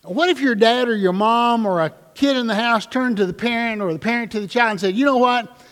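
A middle-aged male pastor preaching a sermon to his congregation. He slows right down on key phrases and asks the room questions. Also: very high-pitched, a bit bright, in a large hall. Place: church sanctuary with congregation.

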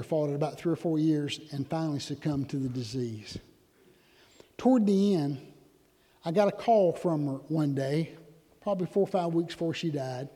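Preacher in a reverberant sanctuary. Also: male voice, on the high side, warm tone. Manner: earnest storytelling preacher, rising to emphatic points. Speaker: pastor. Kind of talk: sermon. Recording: long reverb of a large hall.

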